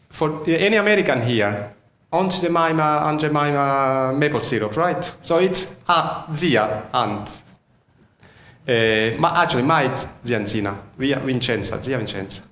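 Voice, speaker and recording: A man's voice: medium pitch, fairly bright tone, a little hiss or hum. A man from Sicily with an Italian accent giving an interactive keynote lecture, quizzing the audience and often restarting his sentences. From Sicily, Italy. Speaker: university lecturer. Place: lecture hall. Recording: echoey lecture hall.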